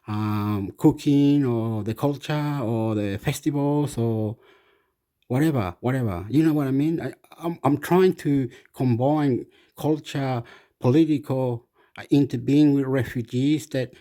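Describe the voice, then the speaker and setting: A man's voice: mid-range voice, mellow. A man from Chile with a Chilean Spanish accent, Spanish his first language, rambling hesitantly with many fillers in a casual monologue as host of his own channel.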